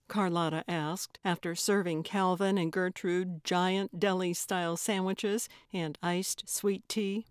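A woman narrating a cozy mystery audiobook in a measured, unhurried storytelling manner. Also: lowish voice, a little mellow, dry recording, studio quality. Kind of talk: scripted narration.

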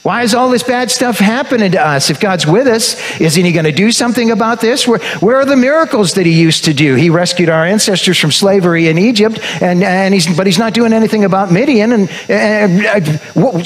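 A man's voice: fairly high pitch, expressive, moderate pace, natural voice, low-quality recording. A man voicing an anxious, doubting young man who stammers and pleads in rising questions. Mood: pleading.

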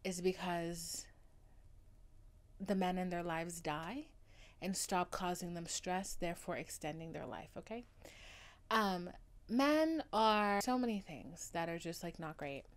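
A young adult woman hosting a solo podcast, talking in an overdramatic, gushing and profane way. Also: medium pitch. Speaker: podcast host. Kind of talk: casual solo podcast monologue.

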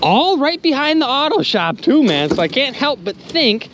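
An excitable man calls out to his viewers from a small boat on a river, his voice swinging up and down as he reacts. He talks in a loose, casual way. Faint noise from the water and boat sits behind him, picked up by a camera mic. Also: very high-pitched, normal speed. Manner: excitable, loud exclamations, addresses viewers as you guys and dude. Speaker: magnet fishing vlogger. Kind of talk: excited outdoor vlog commentary.

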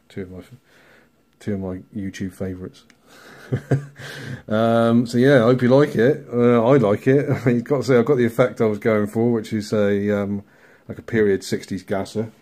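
A man hosting a casual model-building bench update, relaxed and rambling, chuckling at himself now and then. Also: fairly low pitch, moderate pace. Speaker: scale model builder, channel host.

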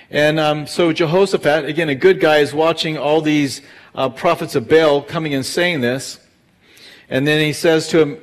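A middle-aged male pastor walks through Scripture verse by verse, telling the story casually with plenty of ums and acted-out dialogue. His speaking voice sits a touch higher than most men's. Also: normal speed. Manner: casual storytelling with fillers and lively retold dialogue. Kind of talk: verse-by-verse Bible teaching.

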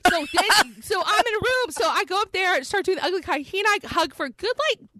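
A middle-aged woman co-hosting a podcast, telling stories in an excitable, animated way. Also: very high-pitched, fast, no room sound. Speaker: podcast co-host. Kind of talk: casual chat.

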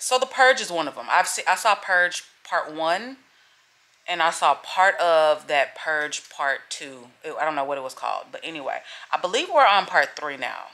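A woman's voice: fairly low pitch, bright, forceful tone. A woman in her thirties vlogging at home, chatting loosely and rambling. She swears freely and calls her viewers "y'all". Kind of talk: casual chat to camera.

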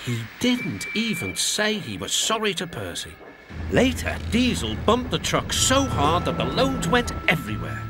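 A man narrating a children's storybook in an expressive reading. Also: high voice, unhurried. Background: music.

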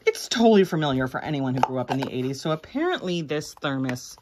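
A woman's voice: a bass voice, very animated, fast talker, background noise. A woman in her forties chatting casually about her vintage toy finds, rambling with lots of fillers and little laughs. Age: 40s. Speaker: vintage toy collector vlogger. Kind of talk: casual show-and-tell vlog.

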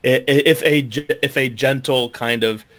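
A man's voice: mid-range voice, steady tone, moderate pace, fairly bright tone. Stammering man playing a tabletop game. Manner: stammering restarts, laughs mid-sentence. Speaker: player. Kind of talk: casual tabletop play.

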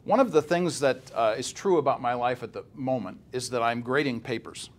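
A man's voice: medium pitch, fairly quick. A middle-aged man, a professor, giving a conversational Bible lecture with many filler "uh"s between phrases.

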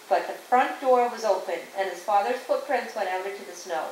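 A woman reading a picture book aloud to a small child, slow and patient, adding sound effects along the way. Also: medium pitch. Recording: echoey room, distant mic, faint hiss.

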